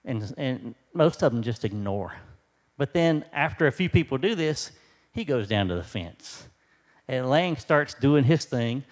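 A middle-aged male pastor delivering a sermon to his congregation, speaking with animated rises and drops in pitch and loudness. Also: moderate pace. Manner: animated preaching with sudden rises in pitch and volume.

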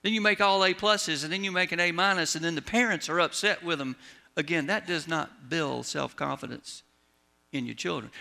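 Man, pastor, sermon, gravelly, slightly high. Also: normal speed, bright, forceful tone. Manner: folksy storytelling preacher, drops his voice at line ends.

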